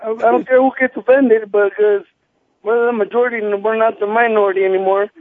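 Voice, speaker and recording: A man in his thirties, a former boxing champion, telling animated stories over the phone and acting out the people he quotes. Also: high voice, brisk, dry recording. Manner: animated, acts out quoted people, many restarts. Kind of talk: casual phone interview storytelling. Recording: tinny phone line, dry.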